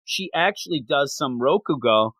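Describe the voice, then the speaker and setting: Guy on a manga podcast recapping a chapter, does little voices for the characters, bright tone. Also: medium pitch, normal speed, slightly rough, no echo. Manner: animated retelling, acting out characters' lines. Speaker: podcast co-host reviewing manga. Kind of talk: casual chat.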